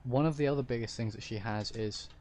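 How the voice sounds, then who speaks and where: A man with a deep-ish voice, streaming a roleplay game and chatting to viewers in a rambling, hesitant way as he explains things. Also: fast talker, darkish tone, slight background noise. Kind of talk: casual chat to stream viewers.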